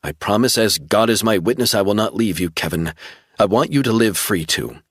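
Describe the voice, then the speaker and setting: A man voicing a calm, reassuring woman in an audiobook, speaking in steady promises. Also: fairly low pitch, moderate pace, slightly rough, no room sound, clean studio sound.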